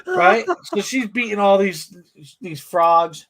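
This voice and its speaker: A man's voice: high voice, lively intonation, normal speed, fairly bright tone. A man co-hosting a casual live-stream chat, animatedly retelling a comic plot and acting out the quoted lines. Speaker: comic book show co-host.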